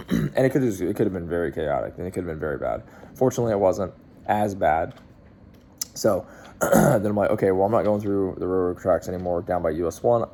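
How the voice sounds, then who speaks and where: Low gravelly man telling a rambling story. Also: dark tone, a little hiss or hum. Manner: rambling, with many fillers and restarts. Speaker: car dealer. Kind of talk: casual storytelling.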